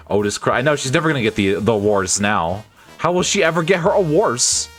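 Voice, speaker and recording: A man's voice: fairly high pitch, huge pitch swings, fairly quick, music in the background. A man streaming a game, reading its dialogue aloud and joking with his chat between lines in a playful, chuckling way.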